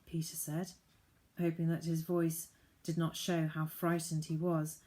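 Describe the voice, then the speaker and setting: Woman audiobook narrator; measured, deliberate storybook reading. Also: sits low, completely flat delivery, warm tone.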